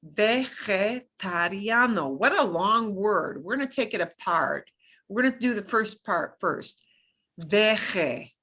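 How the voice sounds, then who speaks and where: A middle-aged woman teaching beginner Spanish, modeling each pronunciation slowly and clearly. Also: medium pitch, big pitch swings, bright, forceful tone. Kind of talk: beginner language lesson.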